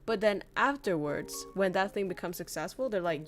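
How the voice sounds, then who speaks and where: A woman's voice: mid-range voice, brisk, few pauses, faint music behind. A young woman from northern Vietnam, candidly chatting with viewers as a streamer, swearing freely and laughing often. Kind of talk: casual chat reading viewer messages.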